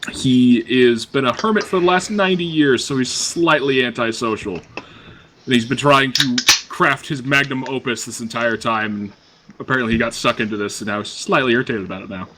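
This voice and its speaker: A man playing a tabletop game, introducing his character in relaxed casual talk. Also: mid-range voice, normal speed, noisy background. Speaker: player.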